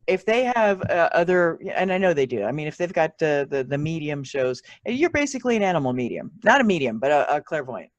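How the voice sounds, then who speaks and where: A woman hosting a casual interview show, excitable and gushing, laughing often. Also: deep voice, fairly quick, hardly any pauses, no room sound, lo-fi sound. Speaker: talk show host.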